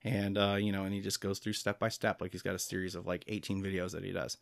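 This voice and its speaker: A man's voice: low voice, little pitch movement, fast talker, gravelly, no echo. A man chatting casually as a guest, rambling with lots of fillers and laughing easily. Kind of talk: casual chat.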